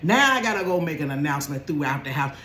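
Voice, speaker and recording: A woman in her forties telling a comedic story in a sassy, animated way, laughing often. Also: low-pitched, fast, slight background noise. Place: bedroom. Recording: roomy bedroom echo.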